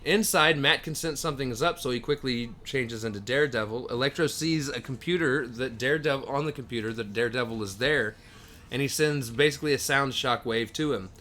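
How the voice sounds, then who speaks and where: Bright-voiced man recapping comics. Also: medium pitch, brisk. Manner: summarizes plots at length, dry jokes. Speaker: podcast co-host. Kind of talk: casual comic book recap.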